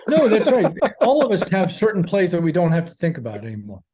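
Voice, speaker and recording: A man's voice: fairly high pitch, very animated, fast talker, warm tone. A man talking as a guest author on a podcast, explaining ideas patiently step by step. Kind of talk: casual podcast chat.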